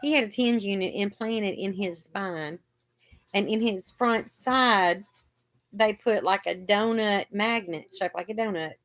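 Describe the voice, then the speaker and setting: Hosting a relaxed live chat, a chatty woman tells stories and performs the doctors' lines herself. She speaks a little slowly, with a mid-range, fairly bright voice.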